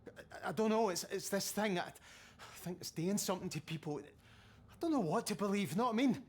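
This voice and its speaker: An actor playing a panicked Scottish oil rig worker in a video game, with a Scottish accent and a blunt, swearing way of talking. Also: male voice, high-pitched, expressive, normal speed. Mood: tense.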